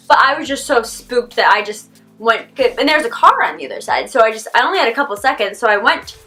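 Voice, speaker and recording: A teenage girl vlogger telling a story casually, rambling with lots of "like" and animated quoted reactions. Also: high voice. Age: teens. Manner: animated, rambling, heavy use of "like".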